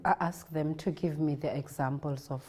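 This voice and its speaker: A South African woman, a primary school teacher, calmly explaining how she teaches her lessons. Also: low voice, normal speed, slight background noise. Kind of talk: reflective interview narration.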